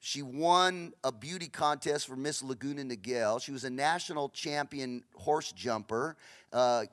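Speaking at a measured pace in a mid-range voice, a middle-aged pastor from Los Angeles delivers a fervent, story-driven sermon that alternates between loud outbursts and quiet asides.

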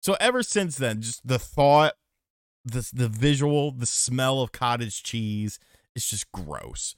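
A man co-hosting a podcast in casual chat, cursing freely and telling animated stories. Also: medium pitch, takes it slowly, no room sound, clean studio sound. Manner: profane, animated storytelling. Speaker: podcast co-host.

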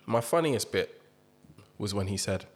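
Young male podcast host, low-pitched, casual storyteller. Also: unhurried, slightly rough. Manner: animated storyteller, laughs through his own jokes. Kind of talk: casual chat.

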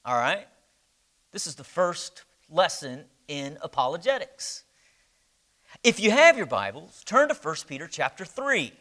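Male Bible class teacher: high, bright voice, unhurried delivery, quizzes the room. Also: very animated. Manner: slow, emphatic, asks the class questions. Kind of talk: church Bible class lesson.

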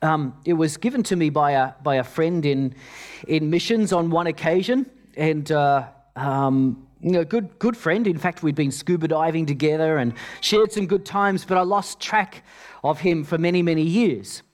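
A man preaching a sermon as pastor, telling stories with many repeated words, dropping soft and low for quoted lines. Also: normal speed.

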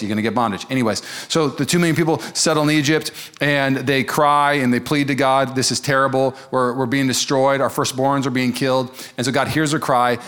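Fast-talking pastor preaching. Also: male voice, medium pitch. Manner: energetic, joking, conversational preaching. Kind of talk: sermon. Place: church service before a congregation.

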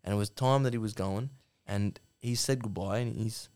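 A man with an Australian accent voicing a calm, placating male pundit who talks things down quietly. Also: moderate pace, smooth, lightly acted. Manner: soothing, low-key, placating.

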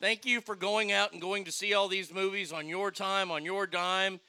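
A man with a high, gravelly, very bright voice chats casually about films as a podcast co-host. He jokes loosely and swears freely, in a dry, close-miked sound. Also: steady tone, normal speed, no echo. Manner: loose, joking, profane. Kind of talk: casual movie banter.

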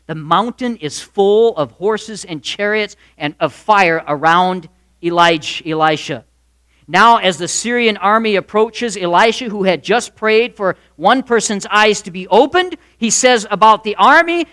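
A man preaching a sermon, retelling a Bible story in an animated way and acting out the voices of its figures. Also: high voice. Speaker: pastor.

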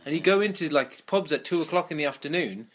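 A man's voice: on the high side, quick pace, fairly bright tone. A man co-hosting a podcast, chatting casually and telling a story with frequent laughs. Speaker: podcast co-host. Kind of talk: casual chat.

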